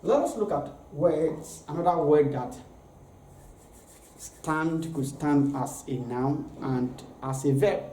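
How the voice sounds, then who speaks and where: A teacher giving a grammar lesson, speaking deliberately and drawing out the key words. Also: medium pitch, mellow. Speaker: English teacher. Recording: echoey room with faint background noise.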